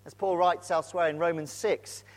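A man preaching with an earnest, animated delivery, now and then sinking to a near hush. His voice sits high for a man. It rings with the long reverb of a church hall. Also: normal speed. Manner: earnest, animated storytelling with sudden drops to a hush. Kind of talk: sermon.

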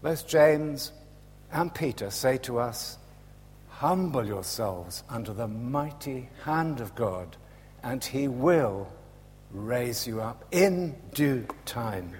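A man preaching a sermon in a church, slow and animated, dropping to a hush and rising again. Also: mid-range voice, a little hiss or hum. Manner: slow, animated, swings from loud to hushed. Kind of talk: Palm Sunday sermon. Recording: echoey church hall with long reverb.

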